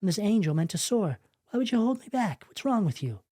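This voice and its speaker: A man's voice: high-pitched, sing-song, a little fast, warm tone, dry recording, clean studio sound, pitched above the performer's own voice. A man voicing a frustrated person lashing out at those holding them back, in an incredulous, exasperated manner.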